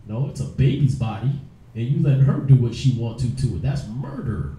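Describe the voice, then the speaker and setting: A man's voice: medium pitch, lively intonation, fairly quick, warm tone. Blunt mocking preacher man, echoey room. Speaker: teacher of a religious group. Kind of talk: preaching in casual street talk.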